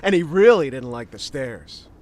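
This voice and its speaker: A man's voice: medium pitch, expressive, normal speed, darkish tone, natural voice. An actor playing a chatty, goofy male police officer in a video game, rambling playfully. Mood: joking.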